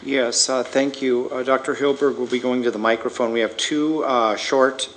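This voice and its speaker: A man, the school superintendent, introducing a business item in a halting way, with many fillers. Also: medium pitch, steady tone, a bit bright, slight background noise. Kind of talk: formal meeting remarks.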